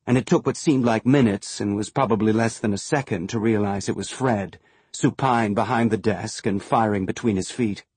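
Husky-voiced male audiobook narrator. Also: fairly low pitch, darkish tone, no echo.

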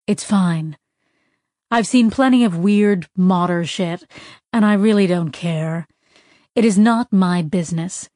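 A woman voicing a gruff, wary male alien shopkeeper, talking bluntly and defensively. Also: medium pitch, mellow, no room sound, clean studio sound, lightly acted.

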